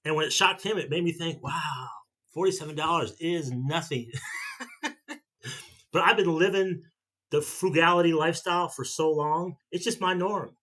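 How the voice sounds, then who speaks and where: Fifties male vlogger, bright forward tone, casual rambling chat. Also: on the high side, moderate pace. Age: 50s. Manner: rambling storyteller who repeats and restarts himself.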